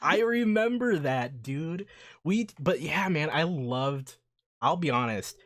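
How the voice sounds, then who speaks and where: A man's voice: fairly high pitch, lively intonation, takes it slowly, fairly bright tone. A man guesting on a podcast, reminiscing casually with his old college friend, enthusiastic and rambling with lots of "like" and "dude".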